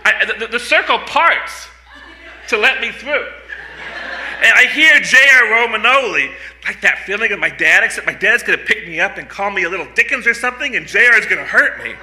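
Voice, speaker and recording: Animated high-voiced man telling a story. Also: brisk. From United States. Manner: animated, punchy delivery with comic asides. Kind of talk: live personal storytelling. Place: stage at a live storytelling event. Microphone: mic on a stand in front of him.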